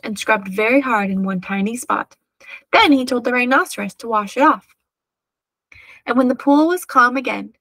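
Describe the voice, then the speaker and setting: A woman reading a children's chapter book aloud with clear, steady storytelling. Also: fairly high pitch, dry recording. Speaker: storybook reader.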